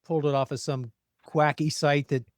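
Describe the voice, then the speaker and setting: A man's voice: on the high side, level tone, moderate pace, dry recording, studio quality. A man hosting a podcast, chatting casually and animatedly about his garden. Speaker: podcast host.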